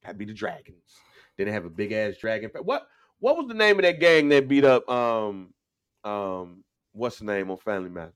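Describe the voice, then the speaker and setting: A man co-hosting a podcast, telling stories in casual chat, animated, laughing often and mimicking voices. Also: fairly low pitch, normal speed, clear, resonant tone. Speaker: podcast co-host.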